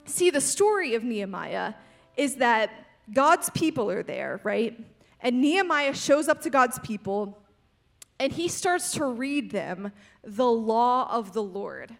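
A young woman giving a casual sermon, chatty and animated, with frequent asides to the audience and lots of "like". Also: a little high.

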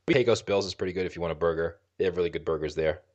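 A Boston-accented man co-hosts a podcast, his deep voice racing along very fast on a muffled recording. He chats casually in a rambling, jokey way, correcting himself as he goes.

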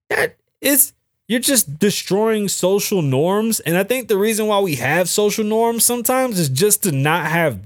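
With a high voice, a young man runs his own talk show as a solo riff, cursing a lot and acting out quotes in animated storytelling. There's no room sound and the audio is clean studio quality.

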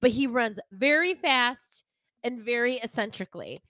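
A woman's voice: on the high side, normal speed, dry recording. Bubbly woman with a dry close voice. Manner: animated storytelling, lots of "like". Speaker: podcast co-host. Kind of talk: casual chat. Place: hairdresser, talks of her salon.

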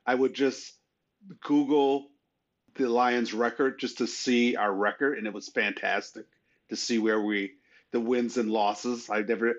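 A man's voice: medium pitch, fairly even intonation, a little slow. A man co-hosting a casual sports podcast, talking conversationally with frequent "you know"s. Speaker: podcast co-host. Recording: slightly muffled lo-fi audio.

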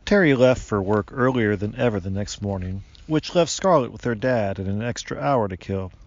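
A man narrating a storybook in a calm, steady reading voice, in a dry, muffled recording. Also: on the low side, moderate pace, no echo.

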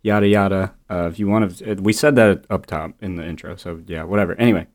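A man's voice: low-pitched, fairly even intonation, fast talker, a little mellow. A young man co-hosting a casual podcast with his best friend, talking in a laid-back, hesitant way with lots of fillers. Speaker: podcast co-host. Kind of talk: casual chat.

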